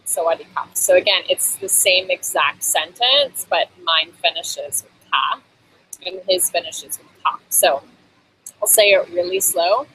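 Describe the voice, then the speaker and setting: A woman's voice: fairly low pitch, lively intonation, unhurried, sharp tone, slight background noise, rough recording. A woman hosting a casual on-camera lesson on basic phrases, chatty, with frequent ums and laughs between phrases. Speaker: host teaching basic Thai phrases. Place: Bangkok.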